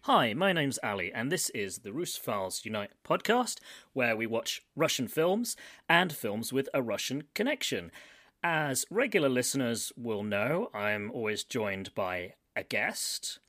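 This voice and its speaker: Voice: medium pitch, sing-song, measured pace, fairly bright tone. A British podcast host in a casual chat who is self-mocking and laughs often, speaking with guests on a remote call.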